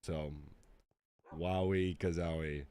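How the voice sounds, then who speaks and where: A man streaming a game live, sick, with an unusually deep and rough voice, chatting in slangy, exasperated asides to his viewers. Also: fairly even intonation, slow pace, mellow. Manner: slangy, exasperated, talks straight to chat. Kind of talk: casual live-stream chat.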